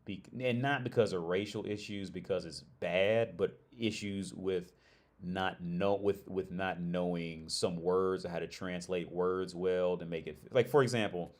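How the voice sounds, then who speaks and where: A man's voice: sits low, steady tone, measured pace. A man hosting a casual livestream chat, rambling and restarting his phrases as he talks to viewers. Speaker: livestream host. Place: living abroad in Prague.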